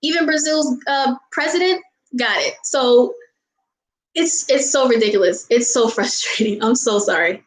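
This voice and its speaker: A woman's voice: high-pitched, a little slow, roomy sound, low-quality recording. An American woman vlogger chatting casually with viewers, ranting in exasperation, laughing and apologizing often. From United States. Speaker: vlogger answering viewer questions. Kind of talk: casual chat.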